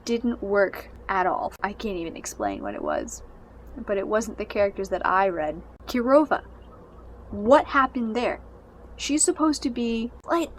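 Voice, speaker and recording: A woman's voice: on the high side, slight background noise. A young woman giving a casual, exasperated spoken review of a book and its movie adaptation. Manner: exasperated, ranting.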